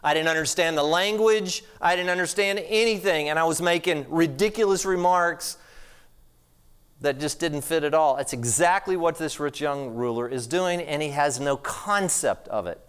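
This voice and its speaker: A man's voice: fairly high pitch, moderate pace, a bit bright, clean tone. A middle-aged American man, a pastor preaching a sermon in a conversational, storytelling way. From United States.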